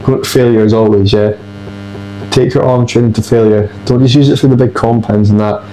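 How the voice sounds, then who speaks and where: A man's voice: mid-range voice, fairly even intonation, a little fast, warm tone, soft background music, rough recording. A man giving casual gym training tips between sets, a little out of breath. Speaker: fitness vlogger. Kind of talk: casual gym vlog talk. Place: gym, indoors.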